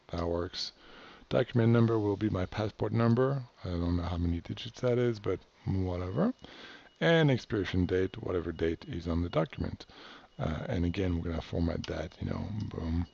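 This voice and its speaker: Man from France, very low voice, gravelly fry, husky tone, dull lo-fi sound, offhand tutorial talk. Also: normal speed, a little mellow. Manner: loose and offhand, many fillers and self-corrections. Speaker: instructor. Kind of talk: casual screen-share tutorial.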